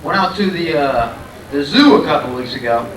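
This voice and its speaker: A man from Rhode Island doing a loud, punchy stand-up comedy set on a club stage, working the crowd. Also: fairly high pitch, animated, moderate pace, a little hiss or hum. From Providence, Rhode Island. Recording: echoey club from a far camera, loud crowd.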